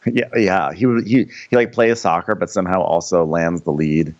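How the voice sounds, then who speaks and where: A man co-hosting a podcast, chatting casually in a rambling, halting way with many restarts while recapping a TV episode. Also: deep voice, highs cut off. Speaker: podcast co-host. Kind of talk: casual comedic recap chat.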